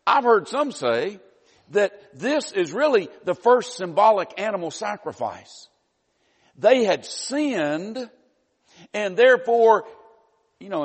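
A man preaches a sermon in a church sanctuary, his voice sitting a little high for a man. He teaches conversationally and drops in wry asides. A long hall reverb trails each phrase.

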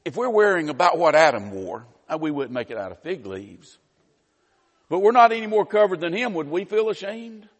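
A man preaches a sermon in a church sanctuary, his voice sitting a little high for a man. He teaches conversationally and drops in wry asides. A long hall reverb trails each phrase. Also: sing-song, normal speed.

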